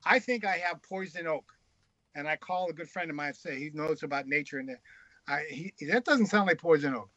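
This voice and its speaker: Male guest storyteller, high bright voice, frank and crude, slightly muffled dry recording. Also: a little fast, no room sound. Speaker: guest author. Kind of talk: casual anecdotal storytelling.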